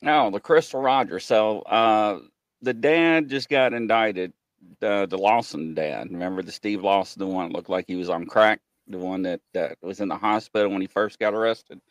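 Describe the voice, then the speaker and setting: A man's voice: lowish voice, normal speed, no room sound. A man hosting a casual live-stream chat, jokey and chatty as he greets viewers by name. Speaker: host.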